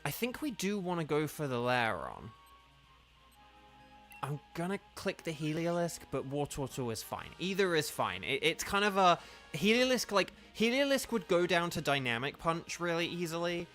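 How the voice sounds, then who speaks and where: While gaming on a live stream, this man, a voice actor, talks loosely with his chat, full of fillers and self-corrections, as game music plays faintly. He sounds very animated, with a slightly high, fairly bright voice at a moderate pace.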